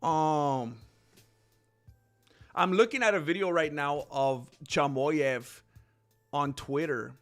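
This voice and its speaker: A man's voice: on the high side, slow pace, pauses often, fairly bright tone, faint music behind. A man hosting a casual livestream, rambling and talking back to chat comments. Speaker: channel host.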